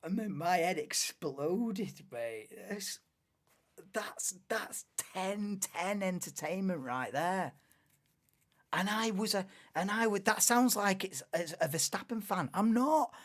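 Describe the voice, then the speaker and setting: A young woman hosting a live watchalong stream, chatting in a rambling, excitable way and laughing often. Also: medium pitch, slow. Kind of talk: casual live watchalong chat.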